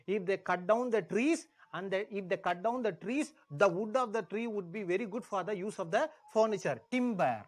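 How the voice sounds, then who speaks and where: A man with an Indian English accent and a voice that sits high gives a history lecture for exam prep. He repeats key words and asks the class questions as he goes.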